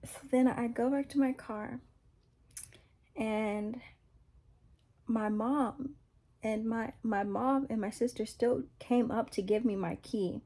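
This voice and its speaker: Brief: woman, fairly high mellow voice, rambling self-mocking testimony, casual. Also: fairly even intonation, takes it slowly, long pauses. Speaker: vlogger sharing a faith testimony.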